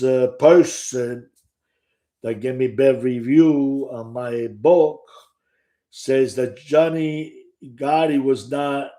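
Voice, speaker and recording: Older man, Sicilian Italian accent, gravelly, slow, rambling, profane, casual storytelling. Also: mid-range voice, dark tone. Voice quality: swears freely, rambling with many restarts. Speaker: author and storyteller. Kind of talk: casual first-person storytelling to the camera.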